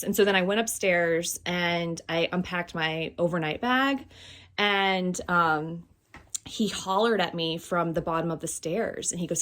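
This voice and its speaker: A woman's voice: fairly low pitch, moderate pace. A chatty woman hosts a casual vlog indoors in a vintage clothing storeroom. She rambles, corrects herself and laughs easily. She is filmed on a phone that someone else holds. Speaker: vintage shop host showing items. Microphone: phone held by a helper.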